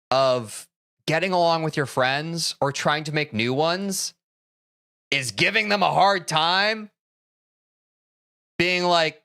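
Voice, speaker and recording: Young guy streamer venting at chat, swears a lot, bright voice jumping all over, super dry close mic. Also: a little high, no room sound. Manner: heated, swears a lot, switches to calm apologies. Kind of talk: ranting to live chat.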